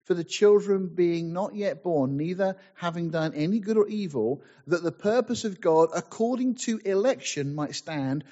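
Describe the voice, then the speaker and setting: Earnest male preacher, slightly high voice. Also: mellow, muffled recording. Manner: earnest, reads scripture aloud in King James wording; explains passages with emphatic asides. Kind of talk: sermon with scripture reading.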